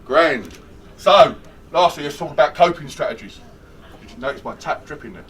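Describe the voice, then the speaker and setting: A man leads a workshop in a lively, jokey way, with a slightly high voice that swings up and down. He keeps asking his audience questions. He is recorded from a distance, with faint noise in the room. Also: moderate pace. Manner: animated, jokey, chatty, asks the audience questions. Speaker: workshop trainer on stress management. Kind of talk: lively interactive workshop talk.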